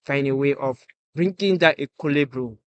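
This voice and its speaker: A man's voice: mid-range voice, normal speed, smooth, no room sound, lo-fi sound. A Nigerian man talking as the guest musician on a casual podcast, earnest and saying "you get" again and again.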